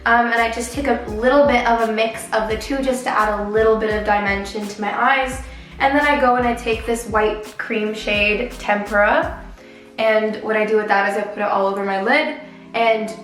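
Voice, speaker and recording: A woman in her twenties telling a story in a casual vlog while doing her makeup, animated and chatty, with many "like" fillers. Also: on the high side. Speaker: beauty vlogger. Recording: roomy echo with faint background music.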